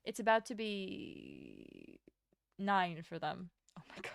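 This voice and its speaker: A young woman from Latvia chats with her stream while she draws, rambling and answering her chat with quick laughs. Her voice is smooth and clear, with a gravelly fry at the ends of phrases. The sound is dry, with no room echo. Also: fairly low pitch, wildly swooping pitch. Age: young adult.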